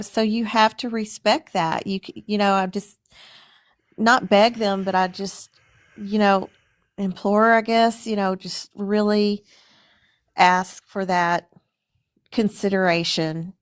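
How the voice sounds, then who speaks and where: A middle-aged woman speaking as a guest in a casual conversation, reflective and searching for her words with many fillers. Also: mid-range voice. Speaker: stream guest.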